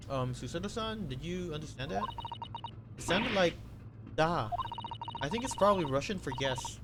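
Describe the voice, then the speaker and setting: A man streaming a game live, reading dialogue aloud and adding soft, wry, hesitant asides. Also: a little high, lively intonation, moderate pace, long pauses, noisy background.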